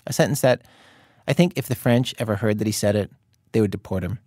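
A man with an American accent hosting a radio program in a measured, wry, conversational way. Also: on the low side, mellow, no echo, studio quality. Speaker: radio host. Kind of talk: scripted radio narration.

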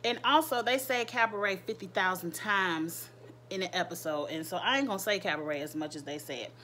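A woman's voice: fairly low pitch, fairly quick, bright, forceful tone, slight background noise. A woman giving a casual, candid recap of a reality show, speaking in with crude slang and laughing asides.

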